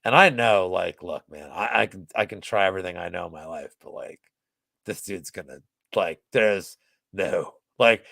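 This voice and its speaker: A man's voice: low voice, lively intonation, moderate pace, creaky, sharp tone, no room sound. A man telling a story in casual chat, rambling with constant fillers and frequent swearing. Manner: rambling, heavy use of "like", swears a lot. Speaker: podcast guest.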